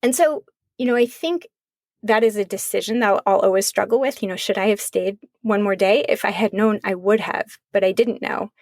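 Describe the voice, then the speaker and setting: A middle-aged woman psychologist, a podcast co-host speaking as an author guest, talking earnestly in long measured thoughts. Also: mid-range voice, a little mellow, no room sound, clean studio sound. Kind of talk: reflective conversational podcast talk.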